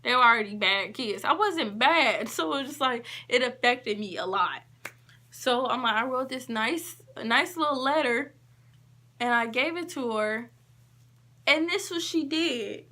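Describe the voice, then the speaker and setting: A woman vlogger telling a story in a casual, emphatic way, acting out what people said and shifting between quick and drawn-out phrases. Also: a little high. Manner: emphatic, animated retelling with quoted dialogue.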